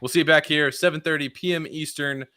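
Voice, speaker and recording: A man's voice: a little high, steady tone, fast, pushed and bright, a little hiss or hum. A man hosting a casual livestream, rambling loosely and laughing often. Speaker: host.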